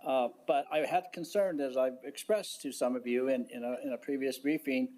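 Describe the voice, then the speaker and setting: A county commissioner, a man with a mid-range, darkish voice, addresses a public board meeting. He talks slowly and carefully, often stumbling with fillers and starting sentences over.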